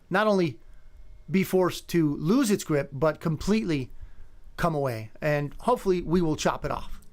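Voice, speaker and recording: A man's voice: a little high, smooth. A man in his fifties hosting a talk radio show, talking in an emphatic, conversational way. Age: 50s. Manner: conversational, emphatic, greets callers by name. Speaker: radio host.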